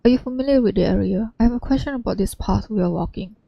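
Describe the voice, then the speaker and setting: A woman's voice: mid-range voice, quick pace, vocal fry, no echo, dull audio. A woman reading the lines of a polite, wary young traveler in her own everyday voice. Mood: earnest.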